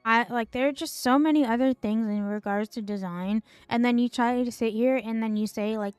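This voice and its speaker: A woman's voice: fairly high pitch, moderate pace, few pauses, smooth, no room sound, faint music behind. Exasperated sarcastic woman streamer ranting. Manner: exasperated, sarcastic, swearing, full of fillers. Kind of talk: casual ranting stream commentary.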